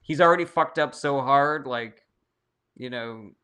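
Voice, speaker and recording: Unhurried and clear, a young man with a bright, forward, resonant mid-range voice runs a casual livestream. Reading viewer questions aloud, he replies bluntly and opinionatedly, with plenty of profanity and no softening of his views.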